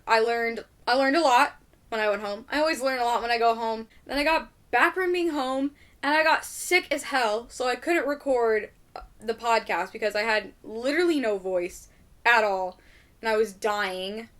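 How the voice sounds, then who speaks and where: A woman's voice: fairly high pitch, normal speed, a bit bright. A young adult woman hosting a podcast in casual chat, ranting animatedly and swearing a lot. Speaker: podcast host.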